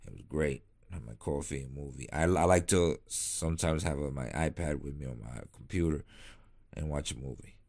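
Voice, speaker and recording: A man's voice: a bass voice, brisk, vocal fry, a little mellow. A man chatting casually on his vlog, laid-back and rambling, tired and yawning late at night. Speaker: cigar vlogger. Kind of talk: casual chat.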